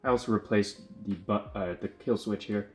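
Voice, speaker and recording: Rambling lower-voiced man with music behind. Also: moderate pace. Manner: rambling, self-correcting, frequent fillers. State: slightly out of breath. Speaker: lightsaber builder. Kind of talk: casual workshop explanation.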